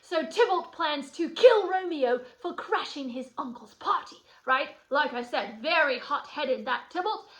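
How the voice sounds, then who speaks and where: A woman with a high, bright voice gives a guided study lesson. She explains the scene in a chatty, playful way and keeps turning to her students with asides. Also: lively intonation, a little slow, hardly any pauses, low-quality recording. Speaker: teacher.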